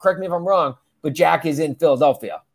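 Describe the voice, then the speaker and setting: A man co-hosting a casual sports podcast, animated and laughing, repeating phrases for emphasis. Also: a little high, fast talker. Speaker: podcast co-host.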